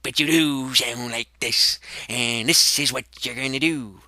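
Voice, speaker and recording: A man voicing a sly male ghost who gives teasing advice in a hushed, half-whispered voice. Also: mid-range voice, a little slow, no echo.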